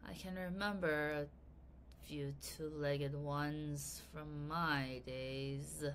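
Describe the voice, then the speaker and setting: Woman putting on a low lazy drawling old rancher guy, slow and sleepy, storybook read-aloud. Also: fairly even intonation, a bit bright, a little hiss or hum, full character voice.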